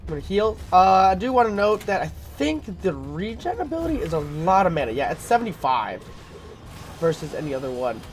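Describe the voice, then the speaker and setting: A man commentating his own gameplay in a casual, rambling way, full of fillers and throat-clearing because he is sick. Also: sits high, sing-song, a little fast, soft background music. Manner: rambling, filler-heavy, thinking aloud.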